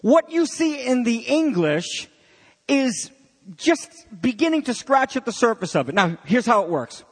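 A man preaching a sermon as pastor, animated and joking with his congregation. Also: extremely high pitch, measured pace. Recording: long hall reverb.

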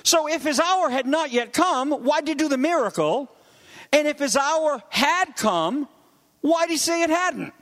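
A man preaching a conversational sermon as a pastor, acting out quoted voices with lively shifts. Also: extremely high pitch, a little slow, big-room sound.

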